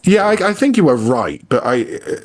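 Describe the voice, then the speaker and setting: A man's voice: medium pitch, wildly swooping pitch, moderate pace. A man speaking as an interview guest in a candid, reflective conversation with a wry edge. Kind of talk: casual conversation.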